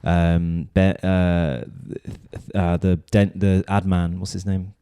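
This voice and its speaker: A man's voice: low-pitched, flat delivery, slow pace, mellow, clean tone, no echo, clean studio sound. A man co-hosting a podcast, talking through a film in a rambling, casual way full of fillers. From London. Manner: rambling, filler-heavy, with restarts. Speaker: podcast co-host.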